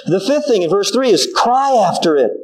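A middle-aged man preaches with a high, bright-sounding voice, lively and animated. He slips into little acted quotes from his family as he makes his points. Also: moderate pace, a little hiss or hum, low-quality recording. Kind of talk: sermon.

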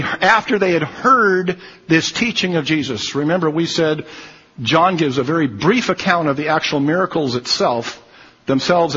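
Emphatic preacher in an echoing hall. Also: male voice, a little high, fairly bright tone, slightly rough, lo-fi sound. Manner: emphatic, repeats key phrases. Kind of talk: sermon.

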